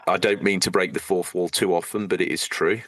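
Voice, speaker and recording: Male podcast co-host, bright lowish voice, dry sound; playful, teasing, digressive. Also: steady tone, brisk, dry recording. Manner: playful, teasing, rambling with jokey asides. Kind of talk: casual banter, reading out supporter thanks.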